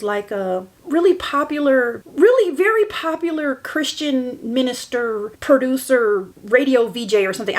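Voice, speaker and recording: A woman hosting a podcast and telling a personal story candidly, often laughing through painful memories and speaking straight to her listeners. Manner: shifts between soft, hushed lines and bursts of higher, louder emphasis. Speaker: podcast host.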